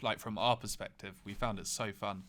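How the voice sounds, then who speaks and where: A man's voice: on the low side, steady tone, moderate pace, fairly bright tone. A young man, co-hosting a podcast, chatting loosely and acting out bits of dialogue. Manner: chatty, many "like" fillers, acts out dialogue. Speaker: podcast co-host. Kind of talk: casual chat.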